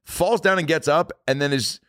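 A man's voice: fairly high pitch, normal speed, fairly bright tone, dry recording, clean studio sound. A man hosting a casual comedy chat, telling crude stories and joking while reacting to a video. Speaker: podcast host.

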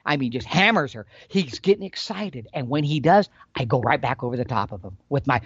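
Animated folksy man teaching elk calling. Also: mid-range voice, fairly quick, hardly any pauses, slightly rough, no room sound, dull audio. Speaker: elk hunting instructor. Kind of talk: explaining elk calling tactics.

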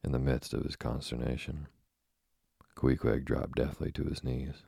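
A man narrates a classic sea story with a very deep, gravelly, husky voice that stays low and flat. His delivery is measured and dramatic, recorded close and dry. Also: no room sound. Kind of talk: audiobook reading of a classic novel.

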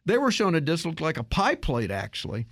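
A man hosts a tech talk radio show, spinning a story with frequent restarts and false starts. His voice sits a bit high and swings widely in pitch. The studio sound is close and dry. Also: wildly swooping pitch, brisk, dry recording. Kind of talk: casual radio tech chat.

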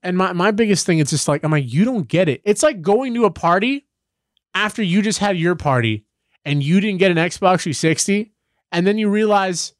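A young man co-hosting a casual sports chat, telling rambling stories full of "um" and "like", jumping up in pitch when he gets worked up. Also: normal speed, no room sound, studio quality. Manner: animated, rambling storytelling with many fillers. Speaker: podcast co-host.

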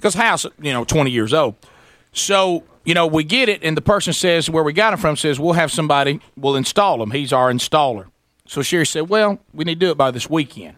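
A man, hosting a talk radio show and telling a story in a lively way, acting out the people in it. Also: fairly high pitch, a little fast, dry recording, studio quality. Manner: animated, acts out quoted voices, sarcastic. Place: radio studio.

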